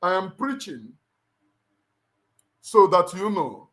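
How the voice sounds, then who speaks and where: A middle-aged man with a Nigerian accent addresses his livestream viewers in a fervent, sermon-like style. He repeats phrases for emphasis and presses each point home. His speaking voice sits somewhat high for a man. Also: sing-song, slow pace, a bit bright. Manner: emphatic, repeats lines like a preacher. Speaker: livestream host.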